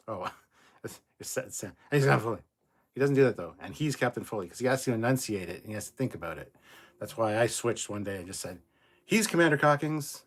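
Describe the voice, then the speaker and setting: A middle-aged man hosting a livestream, reading viewer comments aloud in a casual, loose way and swearing freely. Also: lowish voice. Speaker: livestream host reading chat. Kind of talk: casual live chat reading.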